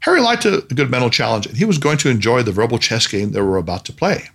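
Male narrator for a storybook, lively pitch, measured delivery. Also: gravelly, breathy edge.

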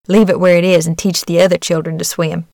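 A woman's voice: lowish voice, flat delivery, fast, creaky, darkish tone, no echo, studio quality. A woman voicing an old, know-it-all duck in a storybook reading, giving knowing advice.

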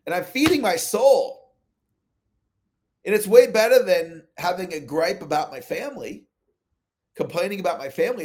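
A man hosting a motivational coaching call over video, telling stories and acting out both sides of his conversations. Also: on the high side. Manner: animated storytelling, acts out both sides of dialogues. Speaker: sales coach, call host. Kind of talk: motivational talk on a live call.

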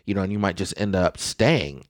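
A man from Southeast Texas co-hosting a casual talk show, animated and exasperated, with sudden high squeals. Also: normal speed, dry recording, clean studio sound. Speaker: co-host. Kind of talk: casual podcast banter.

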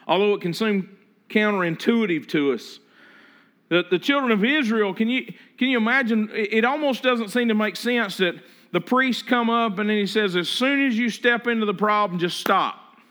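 A man's voice: high voice, moderate pace, fairly bright tone. A man preaching a sermon in a conversational way, often repeating words and acting out what people say. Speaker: pastor.

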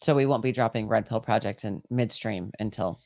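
A woman's voice: a bass voice, brisk, darkish tone, no echo. A middle-aged woman co-hosting a podcast, chatting casually and laughing as she tells a family story. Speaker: podcast co-host. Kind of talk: casual chat.

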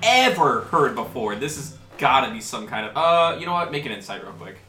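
A man narrating as game master, in a casual and halting way. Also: medium pitch, big pitch swings, echoey room, over music.

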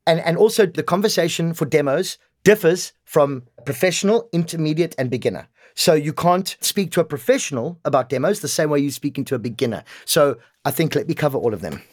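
Animated voiceover coach, higher voice. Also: male voice, fairly quick, hardly any pauses, dry recording, clean studio sound. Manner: animated, jumps into voices and examples. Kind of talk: casual interview chat.

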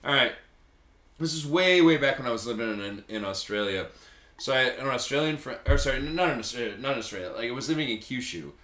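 Male podcast co-host, rambling crude storyteller, bright voice, roomy echo. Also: medium pitch, lively intonation, fast. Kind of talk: casual chat, storytelling.

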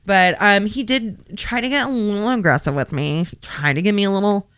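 A podcast co-host tells a story in casual chat, swearing often and tossing in sassy asides. Her mid-range voice is clear, resonant and fairly bright at a moderate pace, captured in a dry recording with clean studio sound.

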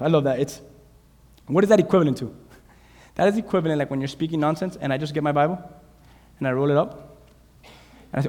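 A man preaching a sermon to a church, dynamic, swinging from hushed asides to shouted passages. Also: fairly high pitch, quick pace, pauses often. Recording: long hall reverb.

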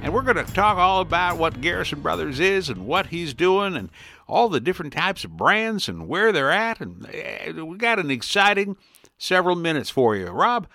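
A man hosts a casual podcast with a folksy, upbeat manner. His voice sits high and swings around a lot, with a bright tone. The studio sound is dry, with faint music behind. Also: moderate pace, dry recording. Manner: folksy, upbeat, lively intonation. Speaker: podcast host. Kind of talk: casual interview hosting.

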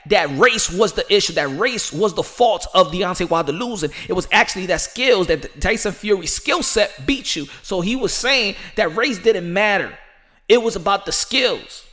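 A man giving rambling, animated casual commentary as a boxing vlogger, laughing often. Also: sits high, normal speed.

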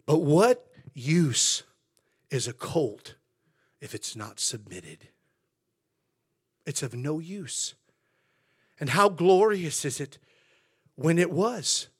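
A male American pastor preaching a sermon, moving between quiet asides and loud, emphatic declarations, with a folksy storytelling manner. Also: a little high, expressive, slow, pauses often, breathy edge.

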